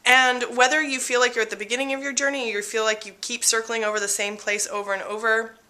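Bright, stuffy-nosed woman coaching the viewer. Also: fairly high pitch, little pitch movement, quick pace. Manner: candid and emphatic, coaching tone. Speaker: host. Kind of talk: motivational video talk.

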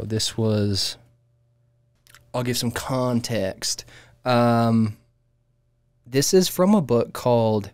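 A man's voice: medium pitch, smooth, no room sound. A man in his usual mid register, easygoing and conversational, who keeps saying "dude" and "like." He is recorded close on a dry mic with no room sound. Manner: relaxed, says "dude" and "like" a lot. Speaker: podcast co-host. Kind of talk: casual spiritual chat.

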